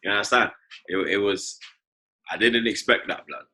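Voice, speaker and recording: A man's voice: on the low side, normal speed, pushed and bright, rough recording. A young man with a London accent hosting a casual football podcast, full of slang banter and tags like "you understand". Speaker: podcast host.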